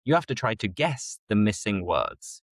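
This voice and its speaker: This English teacher from northern England has a Yorkshire accent and a lowish, sing-song voice, recorded with no room sound. In his podcast lesson he goes slowly and clearly, elongating the key vocabulary so learners can follow.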